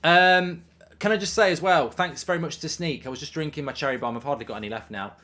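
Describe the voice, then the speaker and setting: This man talks fast with a bright, forceful voice on the high side. Hiccuping as he streams a watchalong, he chats casually, reads chat messages aloud, and fills gaps with plenty of ums.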